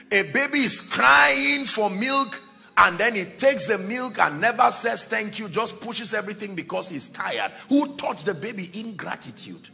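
A man preaching a sermon, telling scripture stories dramatically, swinging between loud exclamations and low, quiet lines. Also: vocal fry.

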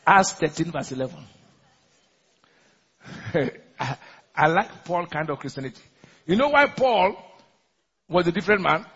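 A man's voice: on the high side, lively intonation, unhurried, long pauses, fairly bright tone, husky. A man, preaching a sermon as pastor, asking the congregation questions and laughing often. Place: large church hall. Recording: muffled recording in a large echoing church hall.

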